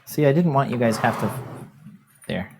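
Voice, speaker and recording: A man's voice: mid-range voice, moderate pace, vocal fry, slight background noise. A man hosting a casual livestream, talking through his hands-on build as he works. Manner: relaxed, narrates hands-on work as he goes. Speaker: livestream host building a 3D printer.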